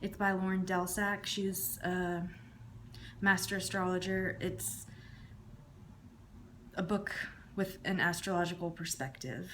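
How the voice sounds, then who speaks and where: A woman's voice: on the low side, steady tone, slow pace, long pauses, a bit bright, slight background noise. A woman in her thirties from the States. She answers tag questions casually and drops her voice at the ends of phrases. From Southern United States. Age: 30s. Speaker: YouTuber.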